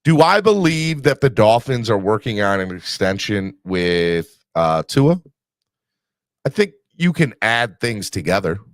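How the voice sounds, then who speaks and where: A man's voice: lowish voice, very animated, a little slow, no room sound. A man hosting a casual sports podcast, rambling with restarts while recovering from an illness. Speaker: podcast host.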